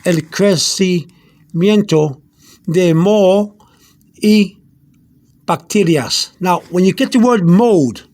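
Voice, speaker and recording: A man giving an informal language lesson, halting and repeating himself, spelling out letters and explaining slowly with many fillers. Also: high-pitched, darkish tone. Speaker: language teacher.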